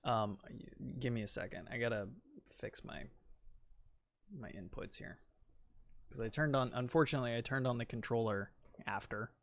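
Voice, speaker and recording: A man streaming a video game, casually ranting and insisting on his point, sometimes trailing off quietly. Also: medium pitch, normal speed, long pauses.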